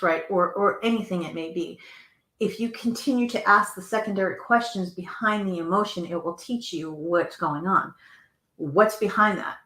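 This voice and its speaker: A woman's voice: mid-range voice, normal speed, fairly bright tone, echoey room. A woman hosting a motivational talk, speaking earnestly and firing off rhetorical questions, often repeating words as she goes. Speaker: host.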